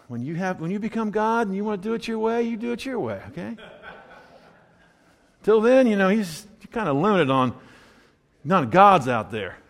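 A man preaching a sermon as pastor, conversational and wry, with animated asides. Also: mid-range voice, long reverb tail.

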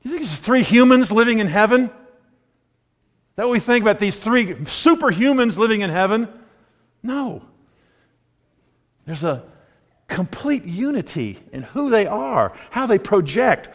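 Man preaching in an echoing hall. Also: on the high side. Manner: conversational preaching, rhetorical questions, wide swings from loud to hushed. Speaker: pastor. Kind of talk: sermon.

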